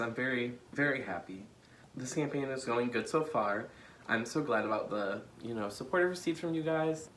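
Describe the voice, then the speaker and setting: A man's voice: medium pitch, fairly bright tone, a little hiss or hum. A young American man in a casual vlog, talking emotionally, laughing and fighting back tears, with lots of fillers. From United States. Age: young adult. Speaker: vlogger and political candidate.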